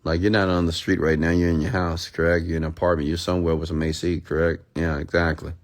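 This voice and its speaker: Low-pitched and fast, with a level tone, a man gives an emphatic motivational talk. He's preachy and blunt, swears freely, and keeps throwing rhetorical questions at the people listening.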